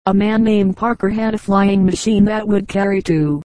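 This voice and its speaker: Woman reader doing a matter-of-fact male traveling salesman, mellow voice, storybook. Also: mid-range voice, moderate pace, no room sound, close to an everyday voice, rough recording. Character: chatty puzzling male commercial traveler.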